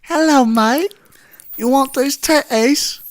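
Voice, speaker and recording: A man voicing a brash, flirty female English stripper in a raised, drawn-out falsetto for an improvised comedy skit. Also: a little mellow. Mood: flirty hustling.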